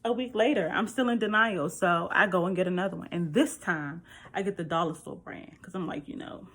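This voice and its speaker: A woman vlogger telling a personal story to camera in a chatty, animated way, speaking straight to her viewers. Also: fairly low pitch, a little fast, husky.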